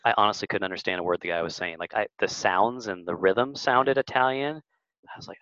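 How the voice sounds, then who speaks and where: A man's voice: lowish voice, fairly quick, fairly bright tone, clean tone, dry recording, muffled recording. A man, a podcast guest, chatting casually and telling rambling stories with lots of fillers. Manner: rambling, storytelling with many fillers. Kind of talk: casual interview chat.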